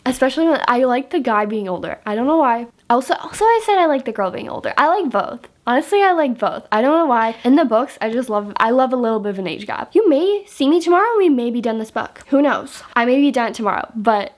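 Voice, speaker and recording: A woman's voice: on the high side, fast, hardly any pauses. Gushing young woman book vlogger. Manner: gushing, excitable, lots of "like" and restarts. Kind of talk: casual vlog chat.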